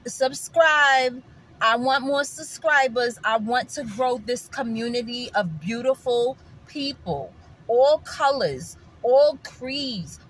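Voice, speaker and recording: Slight background noise sits under a high-leaning female voice with a New York accent. The vlogger, from New York, gives her viewers her opinions in casual chat, calling them guys, emphatic and repetitive.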